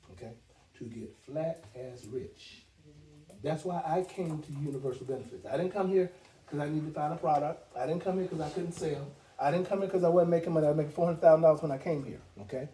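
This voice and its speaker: A man's voice: on the high side, mellow. Emphatic male sales trainer in echoey room. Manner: emphatic, repetitive, asks "okay?" often. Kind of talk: motivational training talk. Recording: echoey room from far off, noisy.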